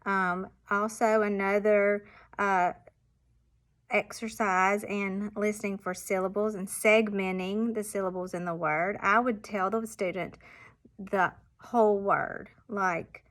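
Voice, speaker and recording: A woman primary school teacher explaining reading exercises to parents, patiently sounding out example words with clear emphasis. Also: mid-range voice, steady tone, takes it slowly, fairly bright tone.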